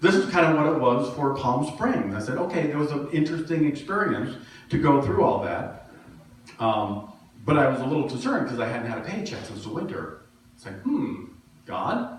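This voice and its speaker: A man's voice: medium pitch, big pitch swings, normal speed, far from the mic, a little hiss or hum. Man preaching in an echoey hall. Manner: conversational storytelling, self-deprecating humor. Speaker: minister. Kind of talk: sermon. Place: church sanctuary.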